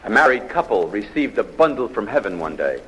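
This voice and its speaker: A man from the United States giving a humorous psychology lecture on stage, telling anecdotes with dramatic pauses and punchy delivery. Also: on the low side, big pitch swings, dull audio. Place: large theatre stage, live audience. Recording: old live theatre recording with hall reverb.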